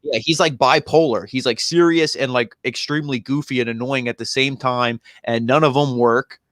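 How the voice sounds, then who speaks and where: A man's voice: medium pitch, steady tone, a bit bright, dry recording, studio quality. A man co-hosting a wrestling review show, chatting casually and rambling with lots of fillers. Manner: rambling, filler-heavy, quick asides. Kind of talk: casual chat.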